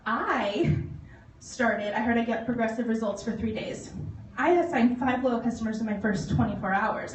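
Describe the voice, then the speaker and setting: A woman in her thirties tells her personal story to a live audience, animated and quick to laugh as she acts out little voices. Her voice sits a bit high. She is heard from a distance in an echoey hall with faint noise underneath. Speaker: motivational speaker. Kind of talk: testimonial talk to an audience. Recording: echoey hall recorded from far off.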